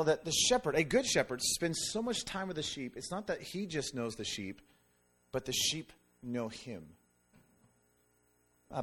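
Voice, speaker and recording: A man preaching a sermon in an animated, conversational way, with jokes and quick asides to the congregation. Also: on the high side. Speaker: pastor.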